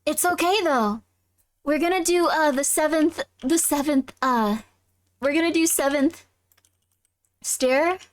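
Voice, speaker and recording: High-voiced giggly woman streamer. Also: unhurried, long pauses, dry recording. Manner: giggly, chatty, talks to chat. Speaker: livestreamer. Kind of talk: casual live gameplay chat.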